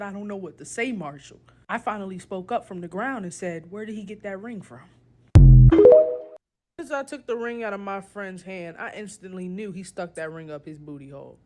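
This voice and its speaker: A woman tells a long comic story on a podcast call-in segment. Her delivery stays steady and deadpan. Her voice sits at an ordinary middle pitch. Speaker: caller telling a story. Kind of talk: reading a comic story aloud.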